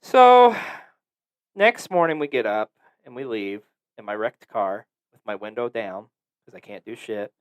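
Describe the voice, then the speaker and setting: A man's voice: fairly low pitch, lively intonation, measured pace, clean tone. A man hosting a podcast, telling a story in a casual, profane, joking way. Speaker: podcast host.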